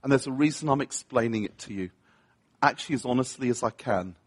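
A man's voice: medium pitch, a little fast, slightly rough. A middle-aged man preaching a humorous sermon, telling a story against himself, laughing often and acting out the voices of the people in it.

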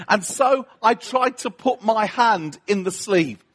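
A British man preaching a humorous sermon, telling a story with self-mocking asides in an animated way. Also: high-pitched, slow. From Britain.

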